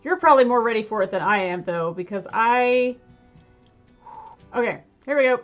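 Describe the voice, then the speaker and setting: Woman host, chatty reaction talk, fairly high voice, dull lo-fi sound with faint music behind. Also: lively intonation, normal speed. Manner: chatty, self-deprecating, giggly. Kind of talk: casual reaction chat.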